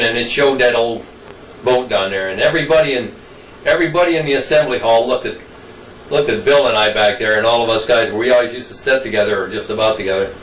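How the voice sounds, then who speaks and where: A man's voice: mid-range voice, fairly bright tone. An older man telling childhood stories in a rambling, folksy way. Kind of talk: casual storytelling. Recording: roomy distant mic, faint noise.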